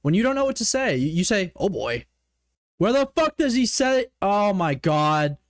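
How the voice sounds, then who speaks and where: A man from Canada streaming a casual reaction commentary, animated, profane and mocking. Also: high voice, normal speed, dry recording, clean studio sound.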